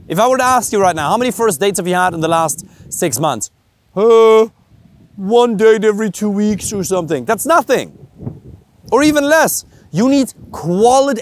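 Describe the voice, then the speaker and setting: A man's voice: high-pitched, slight background noise. A man with a German accent, a dating coach giving a blunt, emphatic talk to camera, full of rhetorical questions. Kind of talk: direct-to-camera coaching monologue.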